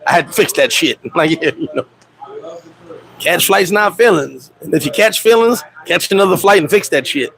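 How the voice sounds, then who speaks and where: A man's voice: expressive, moderate pace, creaky, fairly bright tone. A man hosting a casual live chat, telling loose, profane stories full of slang and talking to friends by name. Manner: acts out quoted voices, swings pitch up high; talks to viewers and friends by name. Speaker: host.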